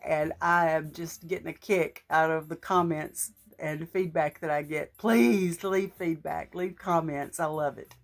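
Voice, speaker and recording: A middle-aged woman, talking earnestly to her vlog audience in a gentle, shaky, emotional voice. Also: low voice, steady tone, unhurried, few pauses. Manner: gentle and earnest, with faith talk and small restarts. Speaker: vlogger. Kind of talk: heartfelt personal vlog talk.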